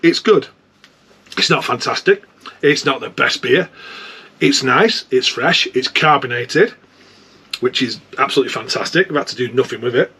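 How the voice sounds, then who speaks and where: A man's voice: medium pitch, normal speed, sharp tone, breathy edge. A man with a British accent chatting informally and at length as a homebrew vlogger. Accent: British English. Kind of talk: casual chat.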